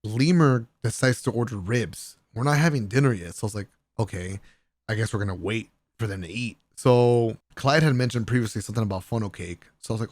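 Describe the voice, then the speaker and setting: A young man casually telling the story of a trip in a vlog voice-over, excitable and full of slang, sometimes breaking into laughs. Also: a little fast, no room sound. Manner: animated, laughing, swearing, mimics friends in raised pitch. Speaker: vlogger.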